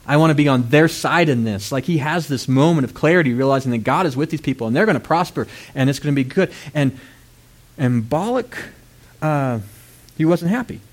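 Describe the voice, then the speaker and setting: A man preaching a sermon, retelling a story with lively, dramatic voices for its characters. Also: on the high side, a little fast. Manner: animated storytelling, acts out characters with loud outbursts.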